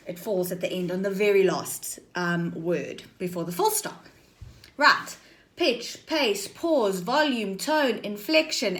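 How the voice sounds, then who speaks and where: A woman's voice: mid-range voice, fairly bright tone. A woman teaching a drama lesson to her class, explaining step by step and often checking in with "okay?" and "right?". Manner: slow, deliberate explaining.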